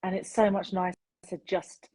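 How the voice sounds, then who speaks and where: A woman hosting an interview, talking in an earnest, open and reflective way with many pauses and ums. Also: on the low side, little pitch movement, mellow, husky, no room sound, low-quality recording. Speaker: host. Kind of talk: casual interview chat.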